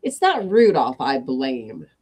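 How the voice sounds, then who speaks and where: A woman's voice: extremely low pitch, sing-song, slow pace, darkish tone, slightly rough, voice pushed down, exaggerated voice. A woman voicing Jack Frost as a fussy, grumbling wintry man in a storybook reading.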